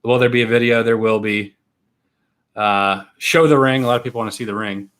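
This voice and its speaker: A man's voice: medium pitch, steady tone, brisk, fairly bright tone. A friendly young man hosting a livestream. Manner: friendly, thanks viewers one by one. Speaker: YouTube reaction channel host. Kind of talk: casual livestream chat reading fan mail.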